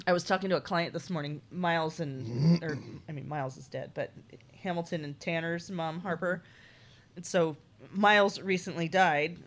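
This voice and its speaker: A woman hosting a relaxed podcast about dogs, her voice sitting a little low. She chats loosely and tells stories from her work as a trainer, with many filler words along the way. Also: normal speed. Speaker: dog trainer and podcast host. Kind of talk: casual podcast chat.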